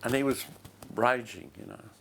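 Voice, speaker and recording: An older man, preaching a sermon as a pastor and telling a story slowly and with feeling, repeating his phrases. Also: mid-range voice, creaky, fairly bright tone, a little hiss or hum.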